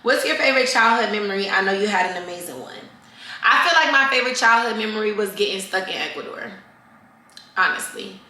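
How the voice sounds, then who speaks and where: A woman's voice: medium pitch, expressive, quick pace, sharp tone. A woman in her twenties answering fan questions in a casual vlog, talking candidly and animatedly, swearing freely and calling her viewers y'all. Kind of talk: casual Q&A chat to camera. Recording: echoey room.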